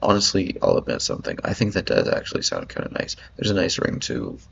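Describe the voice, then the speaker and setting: A man's voice: deep voice, big pitch swings, quick pace, vocal fry, fairly bright tone, a little hiss or hum. A man ranting in rambling commentary as he reads an article aloud, swearing often and filling his talk with "like". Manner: rambling, profane, lots of "like" fillers. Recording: dull lo-fi audio.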